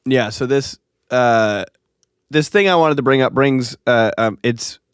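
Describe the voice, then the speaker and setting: A man co-hosting a podcast in casual chat, talking haltingly with lots of fillers and restarts. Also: medium pitch, clear, resonant tone, dry recording, clean studio sound. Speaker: podcast co-host.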